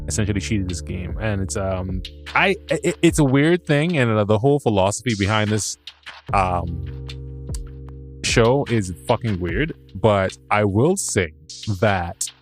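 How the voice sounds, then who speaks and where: A man hosting a podcast, recapping a show in a casual, rambling way, stammering and restarting, laughing at himself and swearing freely. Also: lowish voice. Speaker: podcast host reviewing a show.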